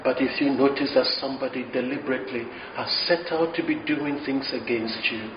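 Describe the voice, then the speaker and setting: A man's voice: fairly even intonation, brisk, far from the mic, noisy background. A man preaching a sermon, reading scripture passionately and pleading earnestly. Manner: impassioned, rising high when reading scripture aloud. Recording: echoey room, slightly dull sound.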